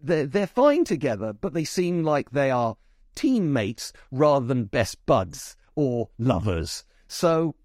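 A man's voice: medium pitch, very animated, takes it slowly, darkish tone, no echo, studio quality. A man from England giving a casual spoken film review, chatty and full of asides and restarts.

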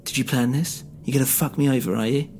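A man voicing a menacing, foul-mouthed gangster boss who shouts his threats, with a slightly raised, loud voice and gravelly fry. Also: mid-range voice, fairly even intonation, quick pace, pitched above the performer's own voice, close to an everyday voice. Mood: threatening.

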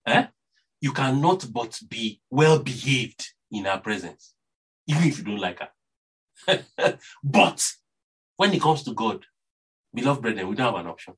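A man with a Nigerian accent delivers a sermon. His voice is husky, and his pitch swings widely as he presses each point. He keeps circling back to the same phrases. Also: lively intonation, unhurried, pauses often, fairly bright tone. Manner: earnest, repeats "you see" and phrases for emphasis. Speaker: preacher.

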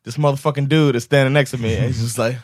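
A man co-hosting a podcast, telling a story in casual chat with a laughing, animated delivery and acting out the people in it. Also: mid-range voice, racing, no echo, studio quality. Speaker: podcast co-host.

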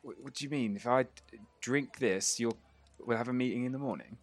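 A man voicing a well-dressed, fastidious male half-orc who speaks softly and hesitantly in a tabletop game. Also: medium pitch, faint music behind, lightly acted. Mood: reserved.

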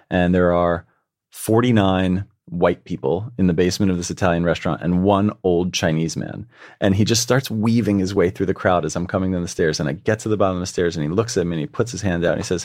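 Brief: man, very deep voice, earnest podcast guest telling a story, dry close sound. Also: quick pace, a little mellow, no room sound. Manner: earnest, reflective, with repeated restarts.

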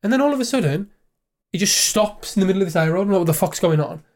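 A man's voice: sits high, expressive, quick pace, darkish tone. A man co-hosting a podcast, teasing his co-host and swearing freely in casual chat.

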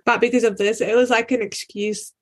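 A woman's voice: on the high side, fairly even intonation, fairly quick. A young woman, talking frankly as a guest, with lots of "like" and casual swearing. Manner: frank, heavy use of filler "like", casual swearing. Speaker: podcast guest. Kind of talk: candid conversational storytelling.

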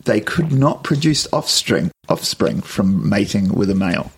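Male co-host, New Zealand accent, husky tone, animated pitch. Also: a little slow. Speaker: podcast co-host. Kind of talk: casual chat.

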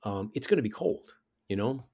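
A man's voice: lowish voice, normal speed. Man with a New York borough accent. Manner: animated storyteller who mimics people he knew. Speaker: musician. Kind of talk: casual chat.

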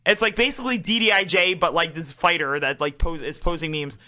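A man hosting a casual podcast, excitable and swearing a lot as he gushes over a fighter. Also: on the high side, fairly quick. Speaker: podcast host.

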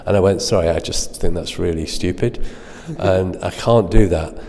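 A middle-aged man with a deep, mellow voice tells a long self-deprecating story in an interview and laughs at himself along the way. His voice carries a long reverb behind it. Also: normal speed. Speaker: guest telling stories. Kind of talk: anecdotal storytelling.

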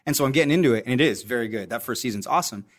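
Fast, lively male podcast host. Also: medium pitch. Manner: excitable, swearing storyteller. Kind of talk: casual interview chat.

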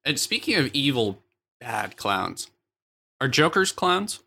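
Lively bright-voiced teasing man. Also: mid-range voice, takes it slowly, creaky, breathy edge. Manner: playful, teasing questions. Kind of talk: casual comedic banter.

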